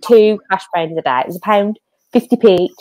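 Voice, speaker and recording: A young English woman chatting as a guest, talkative and quick to laugh. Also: medium pitch, a little mellow, no echo, poor audio. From United Kingdom. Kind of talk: casual chat.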